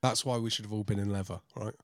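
Animated man bantering with laughs. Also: lowish voice, fast, no room sound, clean studio sound. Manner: animated, laughs often, playful teasing. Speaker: podcast co-host. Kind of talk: casual podcast chat.

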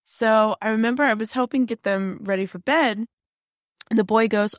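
A woman's voice: on the high side, moderate pace, no echo. Woman, casual storyteller, loose rambling delivery, close and dry sound. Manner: chatty, many fillers and restarts.

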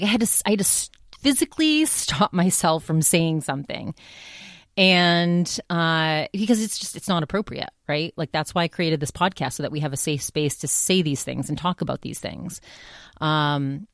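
Low-voiced chatty woman podcaster. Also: no echo, clean studio sound. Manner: chatty, rambling, frequent restarts and tangents. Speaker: podcast host. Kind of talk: casual solo podcast monologue.

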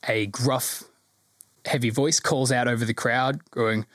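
A man's voice: mid-range voice, fairly even intonation, measured pace, a bit bright, no room sound. A man narrating a tabletop game as game master, descriptive and rambling, often laughing.

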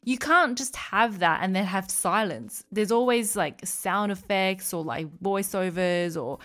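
A young woman talks casually as a podcast co-host. She is chatty and animated, and she acts out bits of what she retells. Her voice is mid-pitched. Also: a little slow. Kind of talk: casual chat.

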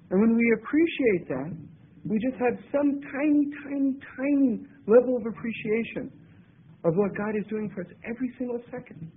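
A man giving a spiritual talk with personal stories, halting and often repeating words as he restarts. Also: very high-pitched, lively intonation, husky. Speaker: religious teacher. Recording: tinny phone-like sound.

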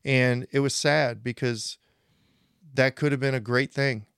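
Fit man in his forties, animated talker. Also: medium pitch, a little slow, vocal fry, smooth, no room sound, studio quality. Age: 40s. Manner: animated storytelling, acts out quoted people. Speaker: podcast co-host. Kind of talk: casual podcast chat.

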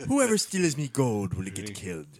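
A man voicing a gruff, drunken male leprechaun in an over-the-top stage Irish accent. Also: on the low side, huge pitch swings, normal speed, darkish tone, dry recording. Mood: menacing. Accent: exaggerated stage Irish.

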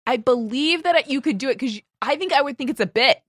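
A woman's voice: high voice, expressive, fast, slightly rough, dry recording, studio quality. A woman co-hosting a podcast in casual chat, rambling and laughing often. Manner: giggly, rambling, full of "like". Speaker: podcast co-host.

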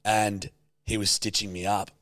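A man's voice: on the low side, level tone, normal speed, fairly bright tone, no echo, clean studio sound. A young Australian man in casual podcast chat, telling a story in a laid-back way and swearing often. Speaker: podcast co-host.

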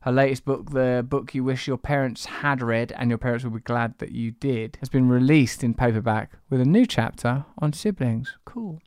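A man's voice: medium pitch, moderate pace, few pauses, darkish tone, clear, resonant tone, no echo, studio quality. A man hosting a podcast intro, talking in a playful, jokey and rambling way. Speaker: podcast host. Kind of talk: casual podcast intro and banter.

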